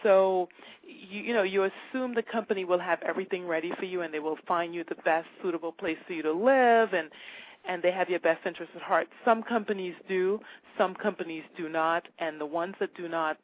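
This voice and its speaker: A woman from Trinidad, a guest on an interview, talks in a casual, animated way and acts out the voices of the people in her stories. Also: fairly low pitch, a little fast. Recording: tinny phone line.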